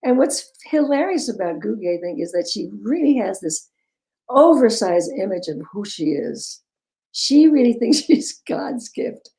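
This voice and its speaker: An older woman telling stories as an interview guest, animated and quick to laugh. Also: medium pitch, rough recording. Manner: animated storyteller, breaks into laughter. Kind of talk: casual interview chat.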